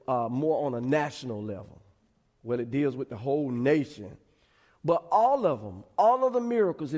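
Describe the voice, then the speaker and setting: A man's voice: mid-range voice, dark tone. Man, pastor, conversational sermon, repeats himself, long church reverb. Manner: conversational preaching with repetitions and asides. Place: church sanctuary.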